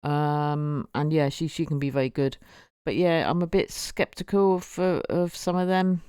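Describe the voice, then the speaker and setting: A woman's voice: low voice, steady tone, normal speed, dark tone, smooth, no echo, studio quality. A woman streaming, chatting casually with viewers and often repeating her words as she goes. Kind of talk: casual live-stream chat.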